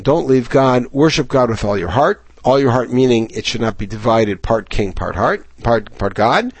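A man's voice: medium pitch, expressive, normal speed, few pauses, husky, dry recording. A man giving a Bible lesson, reading Hebrew verses aloud and then explaining them in English. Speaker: Bible teacher. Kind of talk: recorded Torah lesson.

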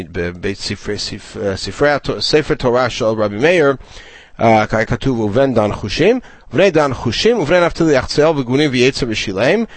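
A man's voice: medium pitch, dry recording. A man giving a Torah study lecture, counting and explaining verses and reading Hebrew phrases aloud. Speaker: Torah teacher.

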